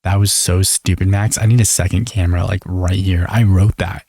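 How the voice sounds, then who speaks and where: A young man recapping a reality TV show in a sarcastic, gossipy, animated manner. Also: low voice, normal speed, dry recording, clean studio sound. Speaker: video creator.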